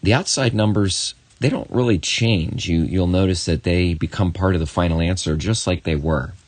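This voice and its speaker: A man with a very low voice walks a student through a math lesson on video. He is encouraging and talks straight to the viewer with quick asides. The recording is close and dry. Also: no room sound. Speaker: math teacher.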